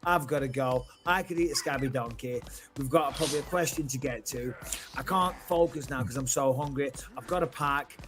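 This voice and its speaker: A man's voice: mid-range voice, normal speed. A man, hosting a casual podcast chat, joking and swearing freely. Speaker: podcast host. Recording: noisy background.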